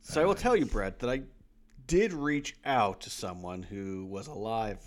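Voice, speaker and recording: A man's voice: fairly low pitch, lively intonation, measured pace. A man co-hosting a casual rewatch podcast, rambling and laughing as he retells scenes. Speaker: podcast co-host.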